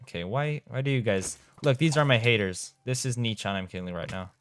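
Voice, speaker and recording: A man's voice: mid-range voice, fairly quick, faint music behind. A young man from Europe, chatting casually on a game live stream, reading out and answering chat and laughing often. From Eastern Europe. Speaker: gaming streamer.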